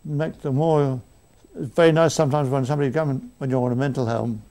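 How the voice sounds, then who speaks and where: A man's voice: medium pitch, steady tone, fast, warm tone. An older man telling rambling, self-mocking anecdotes as an interview guest. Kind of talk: conversational interview. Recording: archive broadcast.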